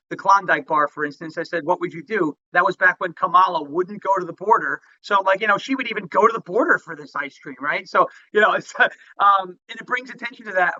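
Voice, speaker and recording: A man's voice: sits high, bright, forceful tone, dull audio. A man guest in an interview, rambling with fillers and chuckling as he talks. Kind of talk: interview conversation.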